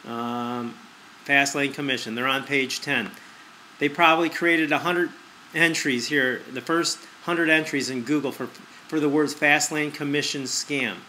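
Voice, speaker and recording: A man's voice: medium pitch, steady tone, a little slow, bright, forceful tone, slight background noise. A man giving a persuasive screen-recorded review, repeating his points and asking rhetorical questions. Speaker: online marketer.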